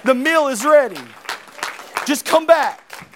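A middle-aged man with a strikingly high voice preaches a sermon. He is animated and dramatic, slipping into the voices of Bible characters as he tells their stories. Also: slow pace, a crowd in the background, background noise.

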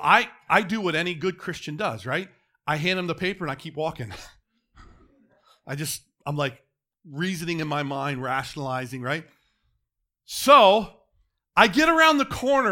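A man preaching a sermon, telling a story with dramatic swings from loud to hushed. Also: sits high, sing-song, normal speed.

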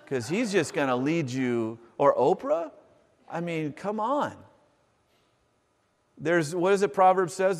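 A man preaches to his congregation, moving between animated, everyday talk and reading scripture aloud. His voice sits a little high for a man. The sound rings with the long reverb of a church hall. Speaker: pastor. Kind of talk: sermon.

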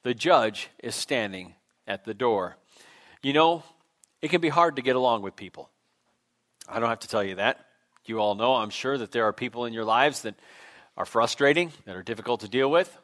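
A man's voice: medium pitch, animated, fairly quick, a bit bright. A man, a pastor, preaching a sermon in a church in a conversational, self-deprecating way, with frequent fillers and restarts. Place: church sanctuary.

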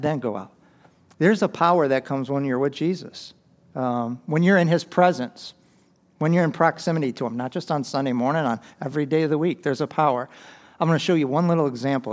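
A young adult man, a youth pastor preaching a sermon in a conversational way, often checking in with "right?". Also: fairly high pitch. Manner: conversational preaching, frequent "right?" asides and restarts.

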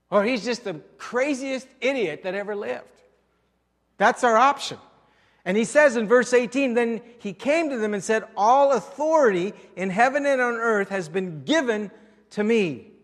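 A man from French Canada preaches a sermon in a high, bright voice. He hits key phrases loudly and then drops to a low, quiet tone, and his words carry a long reverb through a church hall. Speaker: pastor.

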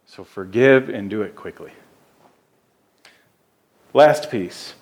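A man's voice: on the low side, slow pace, darkish tone. A man preaching a sermon as pastor, earnest and emphatic, often repeating words as he goes.

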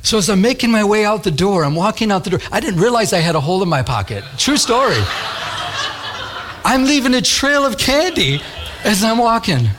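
A man preaching a sermon, telling a lively childhood story with acted-out voices before turning to scripture in emphatic, repeated phrases. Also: high-pitched, a little fast, a little hiss or hum. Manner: animated storytelling, acts out voices.

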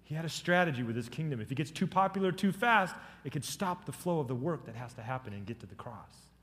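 A male pastor preaching a sermon. He is animated and swings from loud to soft, with jokes for the congregation. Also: on the high side, fast, big-room sound.

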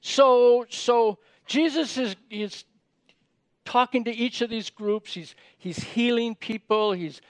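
High-voiced man preaching a casual sermon. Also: slow pace, clean tone, no room sound. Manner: conversational, repeats words when starting sentences, asks the audience questions.

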